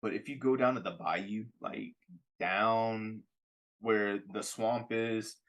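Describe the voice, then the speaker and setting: Bright-voiced Cajun-accented young man. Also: lowish voice, steady tone, slow. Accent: Louisiana Cajun. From Louisiana. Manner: rambling storyteller, laughs often. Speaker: podcast host. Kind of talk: casual chat.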